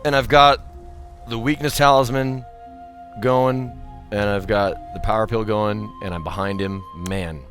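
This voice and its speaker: A man live-streaming a video game, thanking subscribers, joking, and bursting out loudly at the action. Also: lowish voice, a little slow, music in the background. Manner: loud sudden outbursts while playing.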